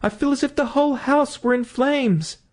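A guilt-stricken wicked stepmother from a fairy tale cries out shrilly and in terror, as a man reading aloud voices her. Her voice climbs high above the reader's own and rings loud. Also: big pitch swings, moderate pace, slightly rough. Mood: panicked.

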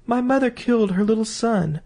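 A man's voice: sits high, brisk, dark tone, pitched above the performer's own voice. A man voicing a magical songbird, a murdered boy reborn, chanting its lament in a lilting singsong. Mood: eerie singsong.

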